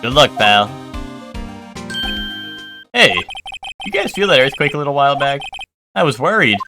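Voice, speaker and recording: A man voicing a gruff, folksy male police detective who keeps calling people pal. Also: mid-range voice, very animated, moderate pace, over music, lightly acted. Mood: friendly. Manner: gruff, says pal a lot.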